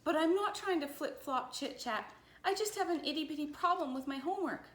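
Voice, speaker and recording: A woman voicing a chattering young schoolgirl in a storybook, pleading in a high, rapid voice. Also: lively intonation, a bit bright. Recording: roomy echo.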